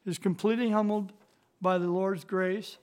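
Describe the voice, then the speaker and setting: A man with a rather high voice leads an informal Bible lesson, talking plainly with frequent restarts and fillers. When he reads verses he slows down and lifts his voice. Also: steady tone. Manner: reads scripture slowly, rising louder on key verses. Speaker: Bible study teacher.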